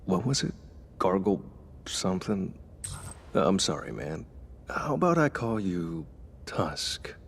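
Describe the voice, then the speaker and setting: A cool young hunter from an anime, speaking low and slow with lively swoops in his pitch. He mocks his enemy with calm, commanding arrogance. Loud ambience hangs behind the voice in the clip. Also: background noise, full character voice. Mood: cool, mocking. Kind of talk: anime dub acting.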